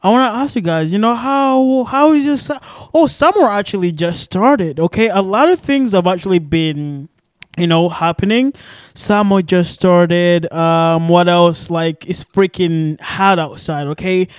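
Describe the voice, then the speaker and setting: A man's voice: high-pitched, a little slow, clear, resonant tone, no room sound. A young man from Arizona hosting a casual solo podcast, rambling with lots of fillers and cursing, recorded in a shared studio office. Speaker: podcast host.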